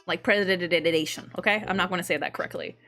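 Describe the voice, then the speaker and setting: Raised in an English-speaking country by a Korean mother, a young woman chats casually on a livestream, giggling and talking a lot with frequent laughter between words. Her voice is lowish and a bit bright, with a steady tone and a fairly quick pace.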